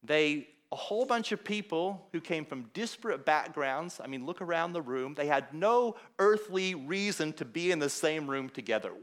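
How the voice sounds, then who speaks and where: A pastor from Australia preaching a conversational sermon in a church hall, telling stories and acting out what other people said. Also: male voice, a little high, normal speed, few pauses. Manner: conversational storytelling, quoting others with animated voice.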